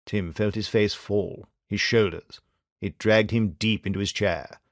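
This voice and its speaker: Measured male audiobook narrator. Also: lowish voice, animated, dry recording, clean studio sound. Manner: measured storytelling. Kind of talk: scripted narration. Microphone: studio microphone.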